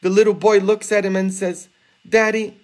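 A man preaching a homily, earnest and emphatic, rising high and intense for rhetorical questions. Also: little pitch movement, fairly quick, darkish tone. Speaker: priest. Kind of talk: sermon. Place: church, livestreamed.

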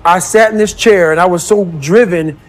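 A man delivers a blunt, intense motivational talk in a fairly high voice. He swings from low, brooding stretches to loud, fired-up bursts. Faint music plays underneath the clips. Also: moderate pace. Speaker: motivational speaker. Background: motivational background music.

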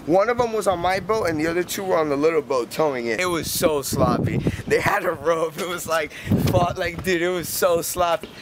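This noisy outdoor clip, with traffic going by, features a young man by a canal spinning a swear-heavy, rambling story, leaning on "like" and often starting over. His slightly high voice moves fairly quickly, with hardly any pauses.

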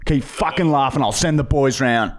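A man's voice: medium pitch, normal speed, close to an everyday voice. A man with an Australian accent making a prank call as a crude, menacing male police constable, swearing and threatening. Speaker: podcast host.

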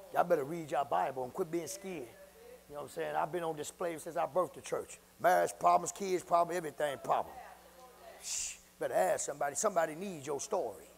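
A man preaching a sermon as pastor, calling out to the congregation and often breaking into shouts. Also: a little high, brisk, creaky, big-room sound. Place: church sanctuary. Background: church congregation.

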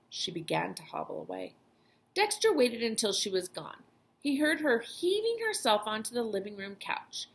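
A woman's voice: a little high, gravelly. A woman teacher reading a children's chapter book aloud to her class. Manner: expressive storytelling voice.

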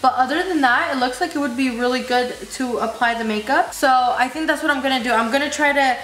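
A young beauty vlogger with a slight lisp from her braces gushes to her viewers, calling them "you guys," as she tries out a makeup tool in a casual vlog. Her voice is high, bright and fairly quick, bubbly throughout. The room is echoey, with faint noise.

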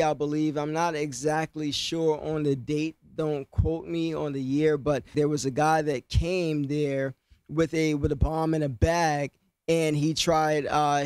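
A man with a fairly high, smooth, darkish voice casually explains rap lyrics, with no room sound. He half-raps each line, then talks it through in a loose, conversational way, filling in often with "you know what I mean."

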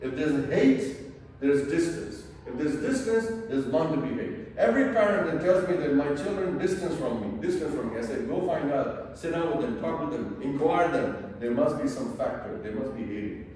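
A man giving a parenting class as an imam, speaking in an animated way. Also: fairly high pitch, moderate pace. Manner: animated, acts out quoted family members. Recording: echoey hall from far off.

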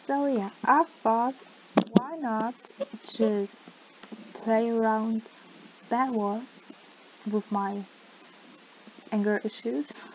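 A woman giving playful let's-play gaming commentary with sudden loud outbursts, her voice cracking. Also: a little high, steady tone, very slow, pauses often. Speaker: gaming YouTuber. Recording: slightly dull lo-fi mic with faint noise.

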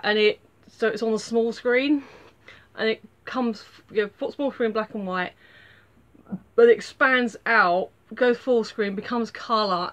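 A woman's voice: mid-range voice, fairly bright tone, lo-fi sound. A woman giving a casual spoken review, chatty and rambling, with lots of fillers and restarts.

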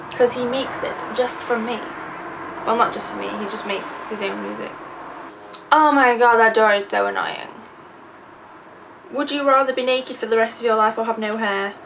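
With vocal fry and a slightly high voice, a young English woman in her twenties, about twenty, answers questions from viewers. The casual vlog Q&A has her sounding chatty, sarcastic, and self-deprecating as a YouTuber, with a distant mic and background noise.

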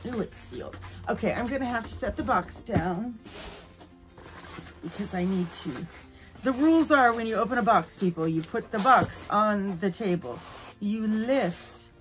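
A playful woman talks through an unboxing at a slow, unhurried pace. She giggles often and half-plays a spooky voice. Faint music runs in the background. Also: medium pitch. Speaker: unboxing YouTuber. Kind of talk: casual unboxing chat.

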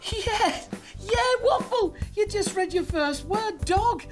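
With music playing behind him, a high-pitched, very animated man speaks at a measured pace as a grandfather teaching his dog letter sounds. The older character is cheery and encouraging like a teacher, and the scenes move between the garden and the home.

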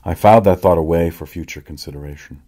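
A man narrates an audiobook in a measured, reflective first-person voice. His register is very low and dark. The tone carries a husky grain.

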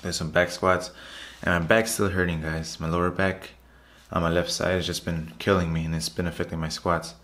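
The voice is low, level, and a bit bright, moving at a moderate pace with few pauses. It belongs to a fitness vlogger giving a loose, chatty, repetitive voiceover of his workout footage, often calling out "guys" to the audience.

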